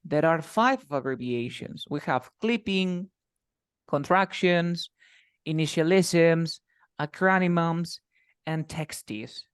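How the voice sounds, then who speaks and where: A man's voice: a little high, slow, clear, resonant tone, dry recording, clean studio sound. A man whose first language is Spanish, teaching an English lesson in a casual style and explaining with many examples and repetitions.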